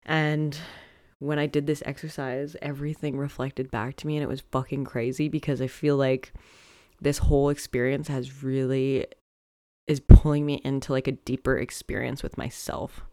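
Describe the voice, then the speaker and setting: A man's voice: mid-range voice, level tone, moderate pace, mellow, no echo. A man hosting a solo podcast, talking reflectively and candidly in a casual way, swearing often and leaning on fillers. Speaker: podcast host and coach.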